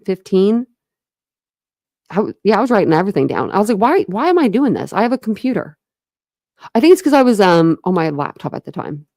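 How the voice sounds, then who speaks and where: A woman's voice: on the low side, darkish tone, no echo, studio quality. A young woman from Ohio hosting a casual true crime livestream, rambling and chatty with lots of fillers and restarts. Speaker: true crime channel host. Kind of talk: casual livestream chat with viewers.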